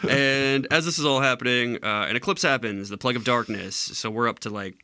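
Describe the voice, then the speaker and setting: Bright-voiced man recapping a movie. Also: medium pitch, brisk, no echo, studio quality. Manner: recaps the plot with frequent filler words and chuckles. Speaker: podcast co-host. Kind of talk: casual movie discussion.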